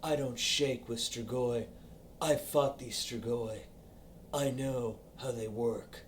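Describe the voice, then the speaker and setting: A man doing a deep gruff swaggering hunter. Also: steady tone, slow pace, a little hiss or hum, natural voice. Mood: boastful. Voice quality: deep and low. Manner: swaggering, boastful. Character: tough gruff male vampire hunter.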